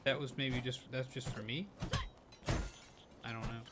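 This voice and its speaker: A man's voice: mid-range voice, fairly even intonation, a little slow. A man streaming live as he plays a game, chatting casually in a rambling, musing way, with hedges and bits of dry sarcasm. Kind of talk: casual chat while playing a game. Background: game music.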